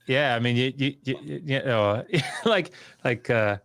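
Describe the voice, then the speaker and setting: A middle-aged man in relaxed conversation, telling a long personal story with many fillers and restarts, livening up when he quotes others. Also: medium pitch, slow, gravelly, no echo. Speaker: podcast guest, scholar.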